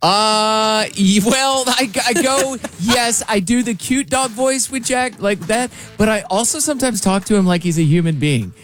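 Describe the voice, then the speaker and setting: A man's voice: sits high, a bit bright, soft background music. A man hosting a morning radio show, chatting in a playful, joking way with a caller and his co-host. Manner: playful, quick to joke and ham it up. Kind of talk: upbeat radio chat.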